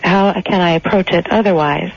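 A woman in her thirties calling a radio show, speaking in a measured, composed, matter-of-fact way. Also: lowish voice, gravelly, husky. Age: 30s. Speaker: caller. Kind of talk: call-in radio. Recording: muffled lo-fi radio sound.

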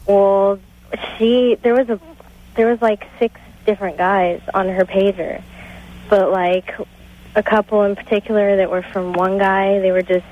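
An eighteen-year-old woman calling in to a radio show, hesitant and halting. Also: medium pitch, fairly even intonation. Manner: hesitant, halting, many fillers. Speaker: caller. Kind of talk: phone-in call. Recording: dull phone-line call.

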